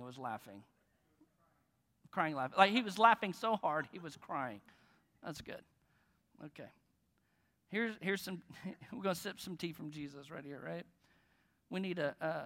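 A man's voice: on the high side, a bit bright, big-room sound. A man preaching a sermon as pastor, conversational and joking with his congregation. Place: church in front of a congregation.

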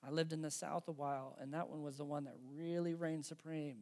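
Middle-aged guy preaching to parents, earnest and pushy, high voice with lots of gravel in it. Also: fairly even intonation, a little fast, a little mellow. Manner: earnest, exhorting, talks straight to parents. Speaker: pastor. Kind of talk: sermon.

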